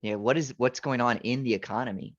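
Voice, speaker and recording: A man's voice: medium pitch, fast. Guy teacher on a video call, keeps restarting sentences, kinda muffled lo-fi audio. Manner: rambling, self-correcting, frequent restarts. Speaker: teacher giving a presentation. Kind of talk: informal talk with slides.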